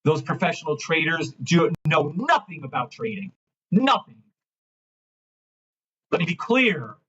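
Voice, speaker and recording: A man hosting a trading livestream, ranting in a brash, mocking, profane way and swinging between loud outbursts and low mumbling. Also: expressive, normal speed, slightly rough, dull audio. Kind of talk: live-stream rant and chart reading.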